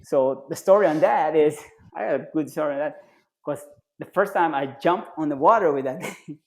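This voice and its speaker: Animated man telling war stories. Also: normal speed. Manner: animated, acts out quoted voices with jumps in pitch; loose phrasing with frequent restarts and fillers. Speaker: podcast guest, retired Navy SEAL and triathlete. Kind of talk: casual storytelling in conversation.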